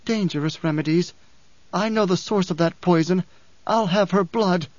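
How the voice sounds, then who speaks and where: A man voicing a fierce young pregnant desert-warrior woman, raspy and threatening, in an audiobook reading. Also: high-pitched, moderate pace, darkish tone, dry recording, muffled recording, voice pushed up, close to an everyday voice. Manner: intense, threatening.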